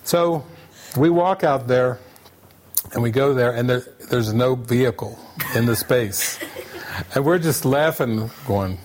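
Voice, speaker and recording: A man shares a comic travel story with a spiritual retreat audience. His voice sits at an ordinary middle pitch, and he tells it with lively repetition, often laughing. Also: slow pace, slight background noise. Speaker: retreat speaker. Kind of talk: storytelling anecdote at an online retreat.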